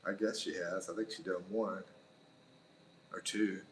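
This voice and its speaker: A man's voice: low voice, steady tone, a little slow, a little hiss or hum, low-quality recording. A middle-aged man hosting a casual livestream indoors by a window, rambling and chuckling as he chats. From United States. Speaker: livestream host. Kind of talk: casual live-stream chat.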